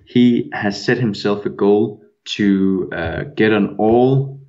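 A man with a Norwegian accent, a podcast guest, speaking English hesitantly with many pauses. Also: lowish voice, darkish tone, lo-fi sound. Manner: hesitant, many ums and uhs.

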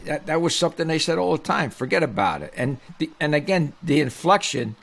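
Older male guest, gravelly, rambling storyteller. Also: fairly high pitch, brisk, fairly bright tone. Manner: rambling, repeats himself while recalling. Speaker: podcast guest expert. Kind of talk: casual chat.

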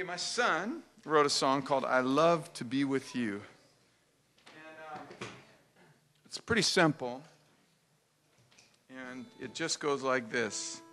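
A man's voice: medium pitch, a bit bright. A middle-aged man leading a church service, talking to the congregation in a folksy, joking, playful way. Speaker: worship pastor. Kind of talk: casual stage talk to a congregation.

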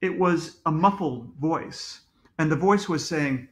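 A man's voice: a little high, slow pace. A man reading his own children's book aloud at home, playful and full of jokey asides. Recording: roomy echo.

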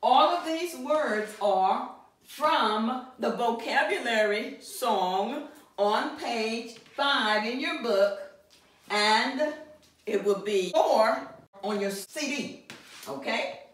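Slow, echoey woman teaching Spanish. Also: fairly high pitch, animated. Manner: slow, deliberate, stresses syllables loudly; laughs at herself. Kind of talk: classroom lesson at a whiteboard. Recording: roomy echo from far off, faint music.

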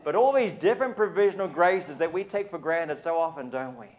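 A man's voice: fairly high pitch, animated, fairly quick. A man with a New Zealand accent preaching a sermon at a church service, talking in a chatty way and often checking in with the congregation. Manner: conversational, often asks the congregation "right?". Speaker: pastor.

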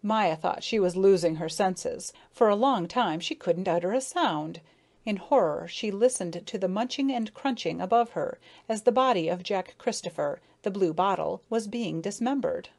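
A woman narrating a storybook as an audiobook, in steady, clear storytelling. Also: mid-range voice, normal speed.

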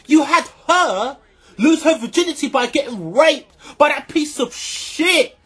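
A vlogger giving an angry, profanity-filled reaction rant to camera, often shouting and repeating points for emphasis. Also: high-pitched, expressive, measured pace.

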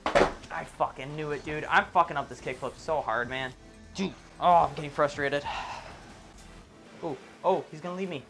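A young man casually commentating his own gameplay, excitable and swearing a lot, yelling whenever he misses. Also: on the high side, moderate pace, creaky, music in the background.

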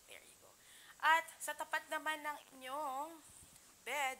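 A woman's voice: high voice, steady tone, measured pace, sharp tone, a little hiss or hum, rough recording. A young Filipino woman with a Filipino accent, giving an enthusiastic, chatty walkthrough of a house for sale. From Philippines. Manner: chatty, enthusiastic, exclaims over features. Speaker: real estate house tour host. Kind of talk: casual walkthrough tour, mixing Tagalog and English. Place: indoors in an empty furnished house.

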